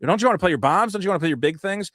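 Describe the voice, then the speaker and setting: Animated male podcast host, high and swooping, cursing freely, dry sound. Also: racing, no echo. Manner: animated, profane ranting with acted quotes. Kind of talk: casual podcast chat.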